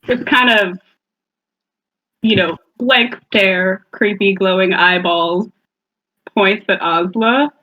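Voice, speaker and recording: A woman's voice: mid-range voice, takes it slowly, pauses often, sharp tone, far from the mic, poor audio. A woman playing a tabletop game, describing her character's moves in a matter-of-fact way. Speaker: player.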